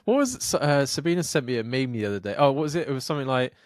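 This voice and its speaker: A man's voice: mid-range voice, sing-song, fast, no room sound, studio quality. A man co-hosting a podcast, chatting casually in a mumbling, sweary way. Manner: mumbling, sweary, laughs along. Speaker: podcast co-host. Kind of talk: casual chat.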